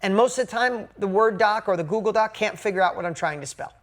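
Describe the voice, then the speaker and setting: A man giving a motivational talk to a group, telling stories bluntly and casually, dropping to a hush and then rising loud and high when excited. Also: quick pace. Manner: emphatic storytelling, casual and blunt. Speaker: motivational speaker.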